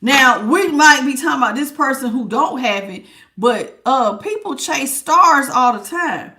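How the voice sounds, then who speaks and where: A woman with gives a loose, joking tarot reading, full of slang and quick laughs. Her voice sits a little high and comes across bright and forceful. The room around her adds a clear echo. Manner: animated, laughing, slangy and blunt. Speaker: tarot reader. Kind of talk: casual spiritual reading.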